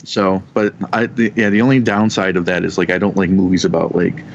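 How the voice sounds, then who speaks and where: A man in his thirties telling a ghost story in casual chat, rambling and halting with many restarts and casual swearing. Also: low-pitched, flat delivery, vocal fry, a little hiss or hum. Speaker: podcast guest telling ghost stories. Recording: dull lo-fi sound.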